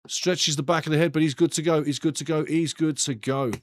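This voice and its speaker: Fairly high-pitched and brisk, this man keeps a steady tone while he runs a live football watch-along. He calls the play as it unfolds and chats with viewers in a rambling, casual way, bantering with the chat throughout.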